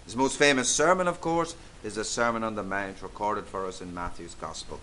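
A man preaching a sermon, emphatic and deliberate, repeating key phrases for weight. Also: fairly low pitch, bright, forceful tone, slight background noise.

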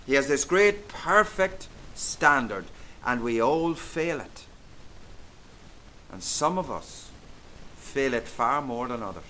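A man preaching a sermon, emphatic and deliberate, repeating key phrases for weight. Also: medium pitch, expressive, bright, forceful tone.

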